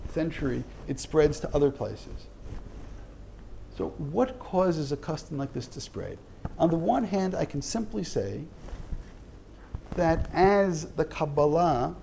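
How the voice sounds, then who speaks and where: A man's voice: on the high side, creaky, a little mellow, a little hiss or hum. A middle-aged man teaching a text-study lesson, who reads Hebrew text aloud and translates it line by line, with earnest explanations and repeated false starts. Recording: dull lo-fi recording.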